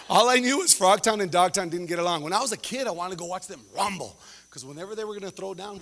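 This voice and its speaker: A man doing a stand-up comedy set, animated and laughing as he acts out voices. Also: high voice, racing, creaky, long reverb tail.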